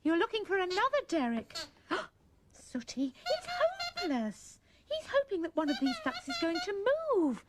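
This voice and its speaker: A woman presenting a children's puppet show, gently coaxing and soothing the puppets as if they were small children. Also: very high voice, big pitch swings, a little fast. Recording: old VHS tape with music and hiss.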